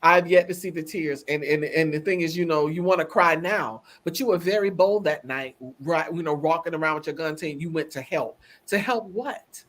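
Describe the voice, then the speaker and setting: A woman co-hosting a casual talk show, animated and emphatic, repeating words for effect. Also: deep voice, fairly quick, hardly any pauses. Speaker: co-host. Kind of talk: casual chat.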